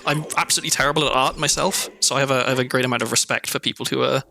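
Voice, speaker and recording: A man's voice: medium pitch, fairly even intonation, rapid-fire, gravelly, sharp tone. A young man from South Wales with a mild Welsh accent, chatting in a meandering, self-deprecating way while streaming a game. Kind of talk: casual gameplay commentary.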